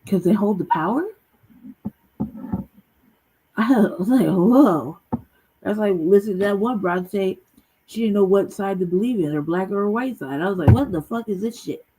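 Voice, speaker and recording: A woman hosting her own commentary show, cursing freely and sounding fed up. Her voice is mellow and a little husky. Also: mid-range voice, normal speed, long pauses, rough recording. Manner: blunt, profane, animated ranting with laughs. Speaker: host. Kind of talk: casual commentary vlog.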